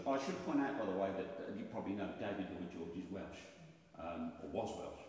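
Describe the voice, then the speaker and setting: A chatty man with a Birmingham accent telling stand-up comedy, his pitch swinging lively through self-mocking asides. He sounds far from the mic, and a long echo fills the hall. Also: fairly quick. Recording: echoey hall, distant mic, faint noise.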